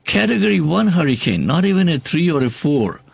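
A man's voice: fairly high pitch, sing-song, fairly quick, vocal fry, slightly rough, dry recording. A man with a non-native accent hosting political talk radio, talking in a blunt, emphatic, opinionated way. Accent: non-native English accent. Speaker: radio talk show host.

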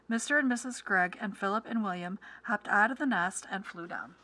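A woman teacher reading a children's story aloud with clear, expressive delivery, then walking through comprehension questions. Her voice is bright and crisp. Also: medium pitch, a little fast, hardly any pauses, a little hiss or hum.

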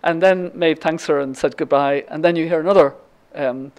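A woman's voice: low voice, normal speed, darkish tone. An Irish woman in her seventies giving a lecture, telling a story with many ums and restarts. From Ireland. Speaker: guest speaker. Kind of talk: lecture with anecdote.

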